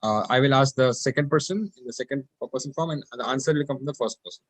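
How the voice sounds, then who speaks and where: A man's voice: mid-range voice, quick pace, no echo, rough recording. A man teaching an online class, explaining grammar patiently and repeating practice phrases aloud over a video call. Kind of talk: online Quranic Arabic class.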